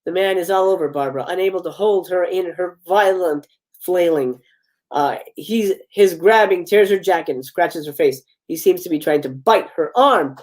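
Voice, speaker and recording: A man's voice: high-pitched, normal speed, low-quality recording. Man reading stage directions aloud. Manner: reads stage directions with chuckling asides and stumbles. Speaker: host reading film scripts. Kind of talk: live script read-aloud.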